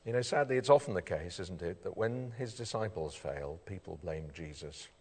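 A man preaching a sermon. He moves between loud emphasis and hushed intensity and keeps asking the listeners questions. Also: low-pitched, normal speed, husky. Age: adult, father of children. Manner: animated, swings from loud emphasis to quiet intensity, asks rhetorical questions. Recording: reverberant hall.

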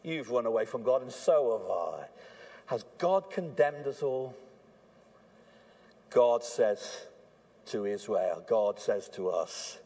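A man preaching a sermon at an evening church service, earnest and swinging between hushed warnings and fervent emphasis. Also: lowish voice, slow pace.

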